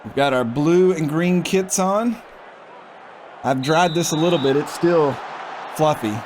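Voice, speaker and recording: Guy streaming a sports sim, fairly high voice, chatty, reads stuff off the screen, faint hum behind. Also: measured pace. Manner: chatty, reads game prompts aloud and reacts. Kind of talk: casual gameplay commentary.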